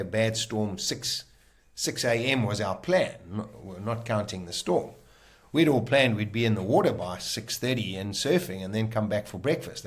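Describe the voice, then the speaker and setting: With a lowish voice, this man appears as a guest on a podcast and recounts a personal story in animated, vivid fashion, voicing what others said.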